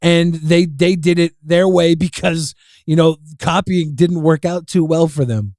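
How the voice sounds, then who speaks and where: Animated man on a dry mic. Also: fairly high pitch, unhurried, no room sound. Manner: animated, swears and jokes. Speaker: podcast co-host. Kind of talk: casual chat.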